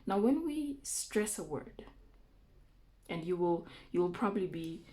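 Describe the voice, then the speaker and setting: A woman teacher giving a recorded remote lesson, explaining terms slowly with frequent okays and ums. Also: lowish voice, animated, warm tone. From South Africa.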